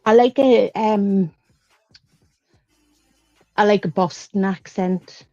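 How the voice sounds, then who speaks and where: A woman's voice: medium pitch, mellow, no echo, faint music behind. A middle-aged woman with a Geordie accent, chatting casually on a livestream panel and laughing often. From northeast England. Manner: chatty, laughs often, loose pauses and fillers. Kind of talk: casual chat. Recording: dull lo-fi stream audio.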